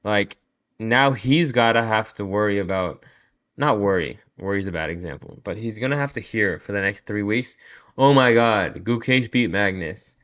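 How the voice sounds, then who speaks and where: A man's voice: lowish voice, moderate pace, a bit bright, highs cut off. A man hosting his own podcast, talking casually and at length, rambling with lots of "like", frustrated and laughing often. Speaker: podcast host. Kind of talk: casual solo podcast monologue.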